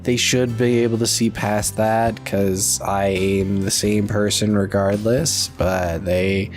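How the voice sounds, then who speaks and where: A man giving casual gameplay commentary, rambling to himself as he plays and drifting into halting personal stories. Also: lowish voice, flat delivery, soft background music. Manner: rambling, talks to himself while playing; reminisces in a loose, halting storytelling way. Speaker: let's play host.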